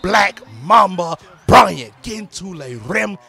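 Excitable high-voiced man hyping a game. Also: takes it slowly, creaky, soft background music. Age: adult, a parent. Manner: excitable, slangy hype talk. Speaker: gaming YouTuber. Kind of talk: let's play commentary.

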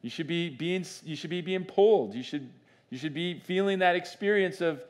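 Animated male pastor preaching. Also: high-pitched, normal speed. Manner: animated and conversational, with restarts and laughs. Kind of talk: sermon. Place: church.

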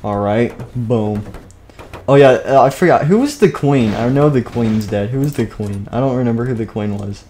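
A man's voice: mid-range voice, normal speed, dark tone, a little hiss or hum. A man streaming and narrating a game role-play, playful and rambling, often laughing.

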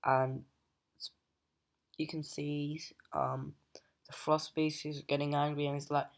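A young adult reviewer recaps a comic's plot in an unhurried, drawn-out way, stopping often on fillers. The voice stays level and monotone, with little rise or fall, as the speaker walks through the story. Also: medium pitch, gravelly. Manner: hesitant, many fillers and "just like".

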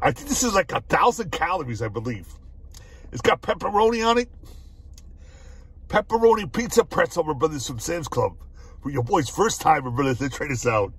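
An excitable man tasting food on camera, his voice husky and sitting high. He talks in a lively, swooping way and keeps breaking into laughs and cries of delight. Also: moderate pace, dry recording. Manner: excitable, repeats "my brothers", laughs often. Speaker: food reviewer. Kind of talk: casual food review vlog.

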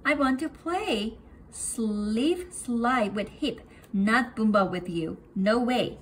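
A woman's voice: on the high side, animated, slow, slight background noise. A woman voicing a five-year-old boy penguin who is bouncy and a bit bossy. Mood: refusing.

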